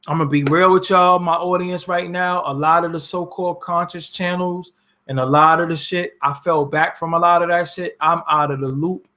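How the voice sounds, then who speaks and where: A man talking straight to his audience in a casual, blunt, profane way, his voice climbing into loud exasperation when he vents. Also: a little high, fairly even intonation, moderate pace. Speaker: host answering his audience. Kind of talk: casual direct-to-camera talk.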